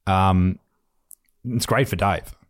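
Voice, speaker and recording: A man's voice: low-pitched, slow. A man co-hosting a podcast in loose, casual chat. He swears freely, rambles, and often stops partway through a thought to restart it. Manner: rambling, profane, self-interrupting. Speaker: podcast co-host. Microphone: podcast microphone.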